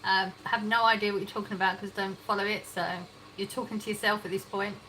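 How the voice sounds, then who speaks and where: A woman's voice: medium pitch, flat delivery, fast talker, bright, forceful tone, slight background noise, low-quality recording. A woman with an English accent hosting a casual livestream from her kitchen, reading chat comments aloud and laughing often. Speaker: livestream host. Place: home kitchen.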